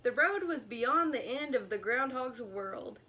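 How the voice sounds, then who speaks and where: At storytime, a woman librarian reads a picture book aloud to children with slow, expressive narration. Her voice is a little high.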